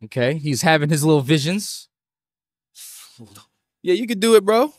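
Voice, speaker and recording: A man giving casual, excitable reaction commentary on an anime episode, joking with slang and profanity. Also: a little high, moderate pace, no echo, studio quality, faint music behind.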